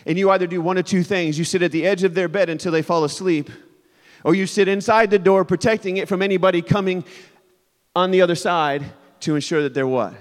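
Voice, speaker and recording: A man in his thirties preaching a sermon, telling stories animatedly and swinging between loud bursts and hushed moments. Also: high voice, a little fast. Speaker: pastor. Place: church sanctuary. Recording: long reverb of a large hall.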